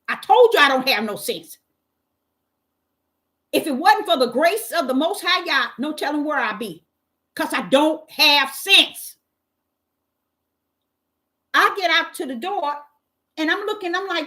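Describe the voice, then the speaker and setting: A woman hosting a live stream, telling a story in an animated, exclamatory way, repeating phrases for emphasis and talking to her viewers directly. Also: high voice, a little slow, pauses often. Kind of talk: casual storytelling monologue.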